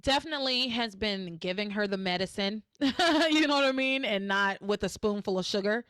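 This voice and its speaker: A woman hosting a podcast in casual recap chat, animated and acting out characters in shrill voices. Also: moderate pace, clean tone, dry recording, clean studio sound. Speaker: podcast host.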